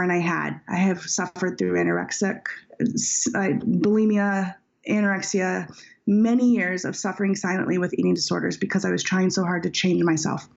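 A woman's voice: medium pitch, gravelly, a little mellow. A woman author telling a personal story in an interview, reflective and heartfelt. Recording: dull lo-fi audio.

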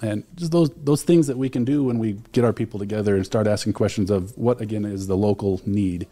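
Soft music plays behind this brisk man, whose voice is lowish and dark. Appearing as a guest in a radio studio, the alumni relations director chats casually, spinning eager stories full of fillers.

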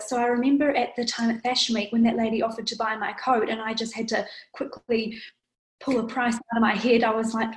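A woman fashion designer telling her story in an interview, animated and quick in bursts. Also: a little high. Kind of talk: casual interview. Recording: echoey room.

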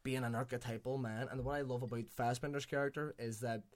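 A man's voice: mid-range voice, fairly even intonation, quick pace. A man chatting casually on a podcast, enthusiastic and swearing now and then. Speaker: podcast co-host reviewing films. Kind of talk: casual chat.

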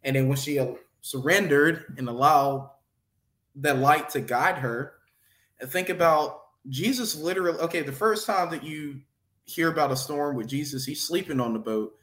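Male co-host, high-pitched, excitable, laughs and exclaims a lot. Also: moderate pace, echoey room. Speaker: co-host of a faith reaction stream. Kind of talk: casual live-stream chat.

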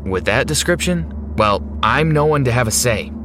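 A blunt young man, played by a male narrator in a steady, matter-of-fact voice. His delivery is flat and unhurried, with little shift from the narrator's own voice. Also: medium pitch, background noise, natural voice.

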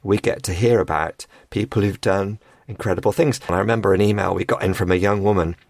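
A man's voice: deep voice, fairly even intonation, fast talker, a little mellow, no room sound. A man co-hosting a podcast, easygoing and affirming, with small stumbles as he asks questions. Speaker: podcast co-host. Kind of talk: casual podcast chat.

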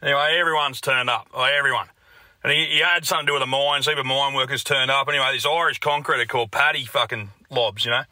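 Bright Australian man telling a crude joke. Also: medium pitch, fairly even intonation, fast, dry recording. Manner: crude storytelling, builds to punchline.

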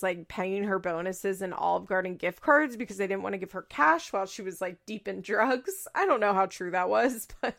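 Chatty woman podcast host, gravelly voice. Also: medium pitch. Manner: chatty, laughs often. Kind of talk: casual recap chat.

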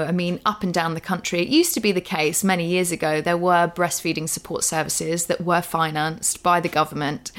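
A woman's voice: lowish voice, a bit bright. A woman talking earnestly as a guest co-host in a casual podcast chat, emphatic and full of "literally" and "you know".

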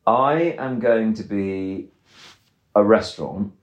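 A man's voice: lowish voice, takes it slowly, echoey room, dull audio. A man co-hosting a podcast, playful and teasing in casual chat. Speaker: podcast co-host.

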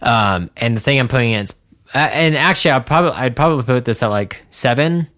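A man's voice: medium pitch, animated, fast, fairly bright tone. A man co-hosting a podcast in casual chat, rambling through his list with self-mocking jokes. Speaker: podcast co-host.

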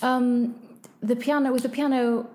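A woman's voice: fairly high pitch, level tone, measured pace, darkish tone. A woman who is a pianist speaking reflectively in a casual podcast chat, searching for her words.

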